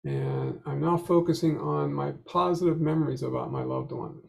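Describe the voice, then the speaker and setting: A man leading a guided tapping session, talking slowly with many fillers and repeating affirmations in a steady chant. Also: a little high, vocal fry. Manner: slow, halting delivery with frequent "uh" fillers. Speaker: EFT tapping coach.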